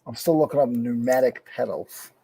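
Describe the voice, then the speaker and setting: A man's voice: medium pitch, moderate pace, vocal fry, mellow, a little hiss or hum. A man co-hosting a casual livestream, joking and teasing as he talks over a computer mic. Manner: joking, teasing, laughs often. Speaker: co-host of a reseller livestream. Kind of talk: casual livestream chat while working.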